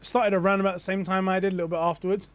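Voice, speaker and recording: A man's voice: high-pitched, little pitch movement, very fast. A young adult man chatting casually on a live stream, theorizing in a rambling way with lots of restarts. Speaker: gaming streamer.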